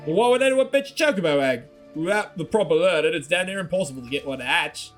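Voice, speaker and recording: A man gives casual, joking commentary while streaming a game. His pitch is lively, and faint game music plays underneath. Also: quick pace, hardly any pauses. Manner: joking asides, laughs easily.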